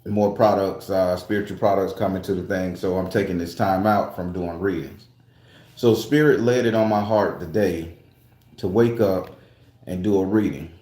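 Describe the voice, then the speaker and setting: A man with a mellow, darker voice tells a story in a loose, emphatic way, cursing freely. His voice rings a little off the walls of an echoey room. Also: low-pitched. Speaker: tarot reader. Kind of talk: casual storytelling monologue.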